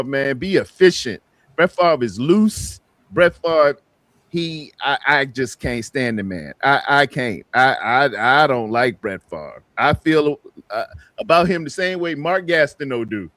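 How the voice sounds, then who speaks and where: A man in casual sports podcast chat, talking in an animated, repetitive, heated way. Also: medium pitch, unhurried, no room sound.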